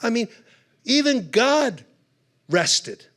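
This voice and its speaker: A man's voice: extremely high pitch, very animated, very slow, fairly bright tone. A man speaking at a conference, telling humorous stories in a chatty, conversational way with punchy asides. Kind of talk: humorous storytelling talk. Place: conference hall.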